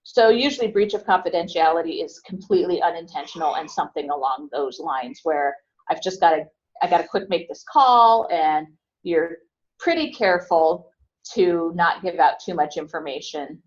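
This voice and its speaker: Woman teaching class, chatty, checks in w/ students, kinda low voice. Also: animated, normal speed, lo-fi sound. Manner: conversational, asks the class questions. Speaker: instructor. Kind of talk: classroom lecture.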